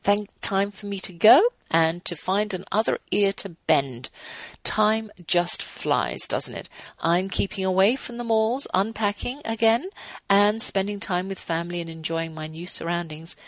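A woman in her fifties hosting a radio show, reading a passage aloud and giving earnest, gently devotional closing remarks. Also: mid-range voice, a little slow, dry recording, low-quality recording.

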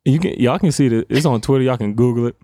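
A man's voice: mid-range voice, fast talker, warm tone, dry recording, studio quality. A man hosting a podcast interview, easygoing and teasing, with frequent affirming murmurs. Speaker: podcast host, athlete. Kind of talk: casual interview chat.

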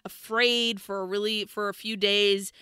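A woman's voice: mid-range voice, level tone, unhurried, pushed and bright, clear, resonant tone, no room sound, studio quality. A woman co-hosting a podcast, casually and animatedly retelling a film plot, acting out characters' lines and swearing freely. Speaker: podcast co-host. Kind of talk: casual chat recapping a film.

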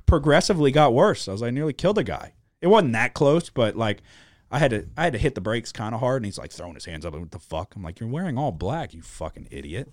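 A young man with a low, deep voice tells a wild story in loose, casual chat, full of fillers and swearing. The sound is close and dry, with no room around it. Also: no echo.

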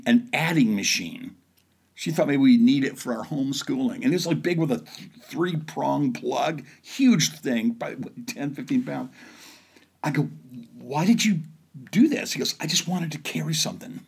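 A middle-aged man from the Midwest telling personal stories in a lively way, acting out the voices of the people in them. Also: mid-range voice, creaky, slightly rough. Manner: animated, acts out the voices in his stories. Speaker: storyteller. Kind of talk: personal storytelling.

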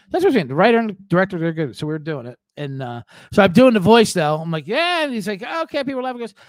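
A man's voice: on the high side, no room sound. A man in his forties hosting a podcast, telling rambling, profane, self-deprecating stories. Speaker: podcast host. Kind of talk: casual sports podcast monologue.

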